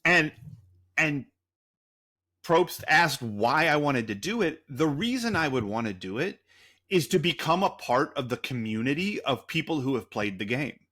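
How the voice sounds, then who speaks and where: A man's voice: a little high, big pitch swings, measured pace, sharp tone. A man co-hosting a podcast, rambling through a story in a loose, profane, casual way. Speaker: podcast co-host.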